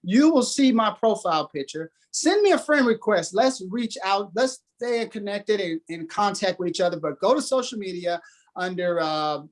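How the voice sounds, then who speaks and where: A man's voice: sits high, lively intonation, normal speed. A man who is a guest on a podcast, giving a motivational talk with emphatic, preacher-like delivery and repeated phrases.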